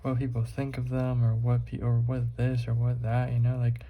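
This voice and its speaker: A man's voice: medium pitch, monotone, moderate pace, narrow, tinny audio. A young man vlogging while he draws, rambling casually with lots of fillers and swearing. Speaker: art vlogger.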